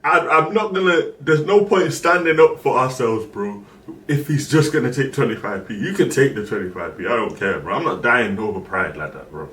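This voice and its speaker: A young man, a streamer casually telling a story, acting out other people's lines and breaking into shouts. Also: medium pitch, fairly quick. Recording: roomy echo, voice far from the mic, faint background noise.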